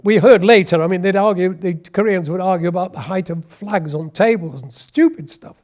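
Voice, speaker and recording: Man, 80s, high-pitched, wry storyteller, oral history interview. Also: moderate pace, a little mellow. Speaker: war veteran interviewee.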